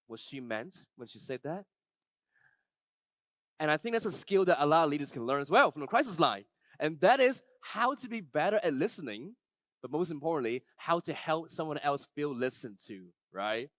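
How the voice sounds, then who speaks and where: Delivering a live keynote, a man performs a magic trick with a volunteer in front of an audience, moving from soft, slow passages to loud, excited calls. His voice is on the high side, with no room sound.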